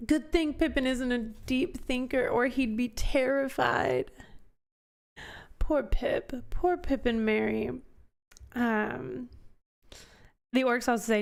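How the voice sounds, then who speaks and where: A woman's voice: on the high side, a little slow, creaky. A woman hosting a casual book club discussion, chatty and thinking aloud with many fillers and restarts.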